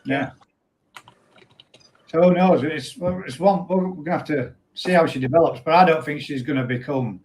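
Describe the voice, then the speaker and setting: A man's voice: fairly high pitch, normal speed, darkish tone. A man hosting a casual livestream chat and reading viewer comments aloud. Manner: chatty, reads comments aloud. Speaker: livestream host.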